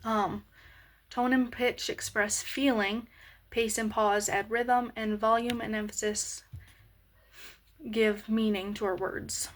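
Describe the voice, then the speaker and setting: Slow-speaking young woman explaining. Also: a little high, steady tone. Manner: slow, measured, many pauses and fillers. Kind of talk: explaining a lesson.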